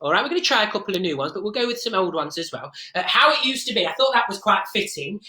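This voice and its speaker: A performer plays Mrs Mabel Green, a chatty, gossipy middle-aged woman from Nottingham with an East Midlands accent, who rambles through a comic live-stream monologue full of fillers and asides. The mid-range voice is very animated, fast and sharp, and the room sounds echoey.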